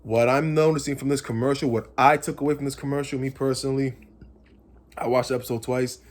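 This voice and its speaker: Guy rambling through an episode recap, mid-pitch voice, keeps circling back on his theories. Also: fairly even intonation, fast talker. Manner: rambling, speculative, repeats phrases. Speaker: comics channel host.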